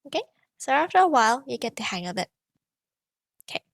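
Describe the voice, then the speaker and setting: A woman language teacher talks through a pronunciation lesson at an unhurried pace. Her voice is fairly high with a gravelly fry, and it sounds dry and close. She demonstrates tones patiently and checks in often. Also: very animated, no echo. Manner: frequent "okay" and "right" checks.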